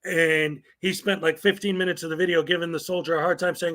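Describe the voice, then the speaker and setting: A man's voice: fairly high pitch, flat delivery, quick pace, fairly bright tone. A man hosting a commentary show, reading viewer comments aloud in a sarcastic, mocking way. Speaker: commentary channel host.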